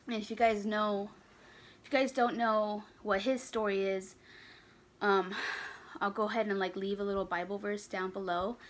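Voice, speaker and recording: A woman's voice: medium pitch, fairly even intonation, moderate pace. A young adult woman chatting casually to her channel in her bedroom, out of breath and rambling from one aside to the next. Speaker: vlogger. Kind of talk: casual chat to camera.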